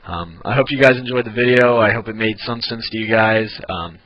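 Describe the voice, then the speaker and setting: A man's voice: fairly low pitch, a little fast, highs cut off. A man giving a casual tutorial on doing voice impressions, often restarting mid-sentence as he explains. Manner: demonstrating, frequent restarts. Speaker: voice impressions teacher.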